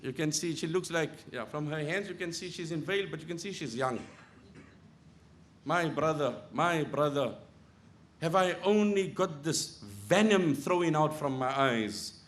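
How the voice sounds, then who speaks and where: A man with a high-pitched voice delivers a sermon. He tells stories in a hushed tone, then rises into loud, impassioned pleading. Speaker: preacher. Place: Islamic center.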